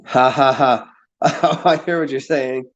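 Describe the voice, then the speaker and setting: A man chatting casually to his viewers, halting and repeating words, often restarting his sentences and swearing now and then. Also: mid-range voice, steady tone. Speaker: streamer answering chat. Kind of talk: casual rambling chat. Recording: dull lo-fi sound.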